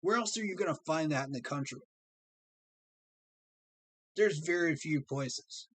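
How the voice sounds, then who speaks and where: Male fan streamer, slightly raised pitch, sincere and heartfelt, dry close mic. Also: measured pace, slightly rough, no room sound. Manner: earnest, heartfelt, repeats "man". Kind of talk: livestream talk to fans.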